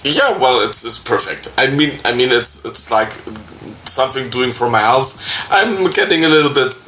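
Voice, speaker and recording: A man's voice: medium pitch, lively intonation, moderate pace, bright, forceful tone, reverberant, a little hiss or hum, poor audio. A man with a German accent co-hosting a radio show in English, hesitant and searching for words. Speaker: radio co-host. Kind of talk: casual radio chat.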